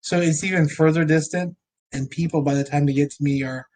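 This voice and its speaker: A man who is a podcast guest, telling stories in casual chat with halting, rambling restarts. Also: a little high, fairly even intonation, a little mellow, a little hiss or hum.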